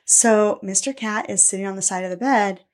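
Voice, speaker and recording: A woman's voice: mid-range voice, fairly quick. A woman candidly telling a personal story in conversation, acting out what was said to her. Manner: animated retelling, acts out quoted lines.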